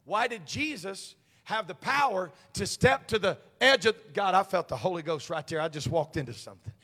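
A man delivers a fervent Pentecostal sermon in a high, bright, ringing voice. His preaching swells into shouts, and his words trail off into the long reverb of a church sanctuary. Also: expressive, normal speed. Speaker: pastor.

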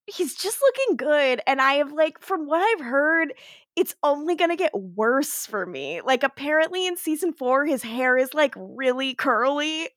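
A woman's voice: high voice, expressive, fairly bright tone, no room sound, studio quality. A young woman co-hosting a podcast, chatting casually and laughing a lot as she recaps an episode. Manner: giggly, fast, full of "like" and laughs. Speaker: podcast co-host.

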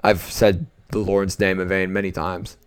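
A man podcasting alone, reacting casually to a live football game as he watches, rambling and excitable, dropping to nervous mutters and jumping to outbursts. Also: low voice, unhurried, clean tone. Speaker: solo podcaster. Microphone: talking into a microphone at home late at night.

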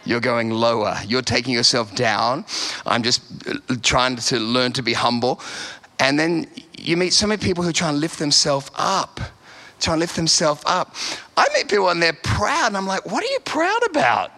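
A man's voice: medium pitch, normal speed, bright, forceful tone. A man preaching a sermon as a pastor, emphatic and repeating his key phrases.

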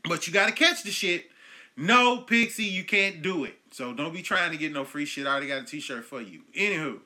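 A man in his thirties hosting his own comedy podcast, ranting profanely and swinging between low mutters and loud yelling. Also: lively intonation, fairly quick. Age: 30s. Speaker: podcast host.

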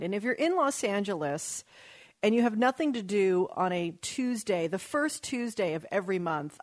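A woman's voice: on the low side, dry recording. A woman hosting a talk radio show in a Los Angeles studio, rambling in an exasperated, casual way and swearing freely.

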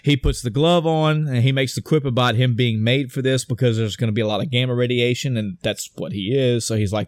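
Animated man retelling a movie. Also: medium pitch, moderate pace, no echo. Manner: animated retelling, acts out characters' lines with cursing. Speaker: podcast co-host recapping a film. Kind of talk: casual chat.

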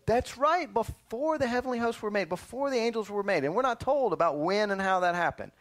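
A man teaching a lively Bible lesson to children, quizzing them and often calling "listen up" to get their attention. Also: sits high, a little fast. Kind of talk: animated Sunday school lesson.

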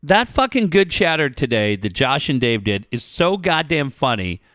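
A man's voice: mid-range voice, very animated, normal speed, fairly bright tone, no room sound, clean studio sound. A middle-aged man co-hosting a show, telling profane stories with frequent laughter in casual chat. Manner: profane, storytelling, laughs often. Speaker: podcast co-host.

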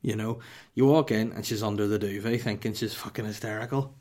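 A man's voice: on the low side, fairly even intonation, brisk, darkish tone. A man, telling rambling, profane comic stories as a podcast host. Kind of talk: comic storytelling.

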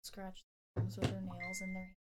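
A woman in a casual chat, skeptical and firing off quick questions. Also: medium pitch, monotone, noisy background.

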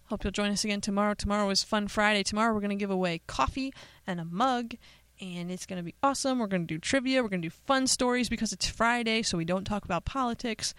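A woman's voice: medium pitch, fast, hardly any pauses, fairly bright tone, clear, resonant tone, dry recording. A woman hosting a radio show, talking casually and playfully with joking, chatty asides in a studio. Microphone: studio microphone.

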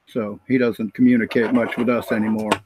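A man's voice: fairly low pitch, flat delivery, fairly quick, lo-fi sound, background noise. A man from the US East Coast hosting a casual podcast chat, rambling and chatty. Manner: rambling, chatty, lots of fillers. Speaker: host.

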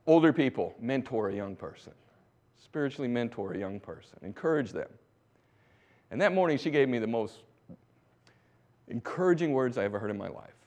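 A middle-aged preacher from the United States telling his story from the pulpit. His voice sits at an ordinary pitch for a man. He drops to near-whispers, then rises to loud, urgent exhortation. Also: lively intonation, a little fast, long pauses, highs cut off. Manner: exhorting, swinging from hushed to loud. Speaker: missionary preacher. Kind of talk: sermon testimony.

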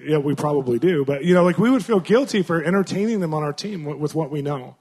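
A man's voice: a little high, quick pace, hardly any pauses, slightly rough. A man preaching a conversational sermon to a conference crowd, telling stories and acting out the people he quotes. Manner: storytelling, acts out quoted voices, rising to loud bursts; conversational with fillers.

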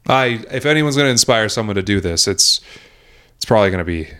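A man's voice: on the low side, animated, pushed and bright. Joking, rambling young male podcast co-host. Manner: joking, rambling, quick to laugh. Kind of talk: casual chat.

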